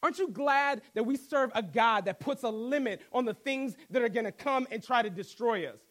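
A man with a very high voice preaches a sermon. His delivery is animated and conversational, and he slips in jokes between his points. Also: moderate pace. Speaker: pastor.

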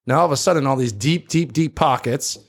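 A man's voice: mid-range voice, brisk, creaky. A man with a South Jersey accent, co-hosting a casual podcast and explaining at length with frequent ums. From South Jersey, USA. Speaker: podcast co-host.

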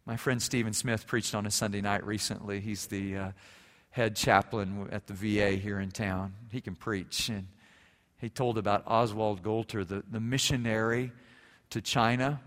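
A man's voice: lowish voice, fairly even intonation, normal speed, a bit bright. A male pastor preaching a sermon, telling a story and building to fervent emphasis, in an echoey church sanctuary.

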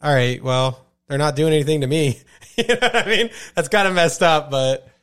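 A young man with a slightly higher voice banters loosely on a podcast. He gets excited quickly and his pitch leaps when he jokes. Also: clear, resonant tone. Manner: excitable, says dude a lot, big pitch jumps when joking. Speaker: podcast co-host. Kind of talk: casual banter.

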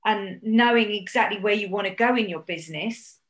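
A woman speaking as a business coach guest, giving brisk, encouraging explanations. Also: mid-range voice. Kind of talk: casual interview chat. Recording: roomy echo.

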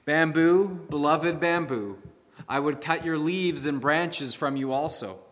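A man's voice: fairly high pitch, slow pace, fairly bright tone. A man voicing a grave, loving garden master. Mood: solemn. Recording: long hall reverb.

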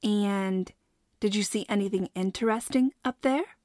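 A woman's voice: mid-range voice, a little slow, a little mellow, no echo, clean studio sound, lightly acted. A woman voicing a curious, rule-minded schoolgirl who asks earnest questions.

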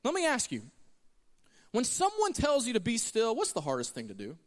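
A man's voice: very high-pitched, huge pitch swings, moderate pace, big-room sound. A man preaching a sermon as pastor, telling stories with animation and acting out the lines he quotes. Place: church sanctuary.

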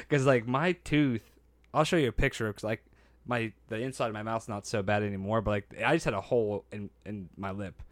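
A man's voice: lowish voice, steady tone, moderate pace, no room sound. A man casually telling a story on a podcast, acting out quotes and laughing often, a bit nasal from a hurt nose.

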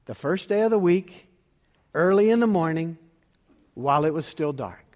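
A man's voice: fairly high pitch, animated, moderate pace, a little mellow. A man preaching as a pastor, reading scripture and telling a story in an earnest sermon. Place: church. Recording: long reverb of a church hall.

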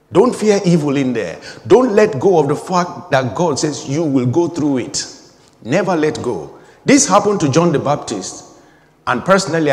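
A man's voice: a little high, a little mellow, big-room sound. A man in his forties preaching a sermon, emphatic and repetitive, building in intensity. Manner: emphatic, repeating phrases, rising intensity.

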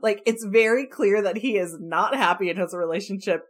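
A woman's voice: medium pitch, normal speed. A woman in casual movie chat, laughing a lot and mimicking characters' reactions.

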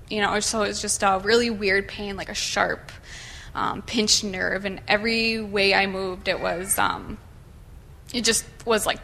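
A woman's voice: medium pitch, gravelly, sharp tone, a little hiss or hum. A woman nervously sharing a personal testimony in church, hesitant and full of fillers, with a shaky voice. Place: church sanctuary.

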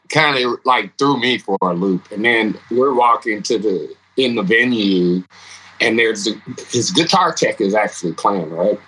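A man's voice: fairly low pitch, unhurried, breathy edge, low-quality recording. A man, a guest musician, telling stories in a casual interview, laughing often and acting out what people said. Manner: animated, laughs often, acts out quotes.

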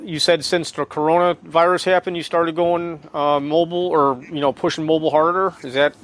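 A man in a casual chat about car repair, rambling with quick asides. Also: a little high, fairly even intonation, a bit bright.

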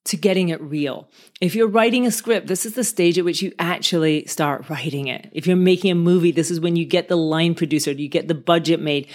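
A woman's voice: fairly low pitch, brisk, darkish tone. Earnest woman sharing filmmaking advice. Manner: earnest and conversational, piles up questions. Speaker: filmmaker and author giving advice. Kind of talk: motivational talk to viewers.

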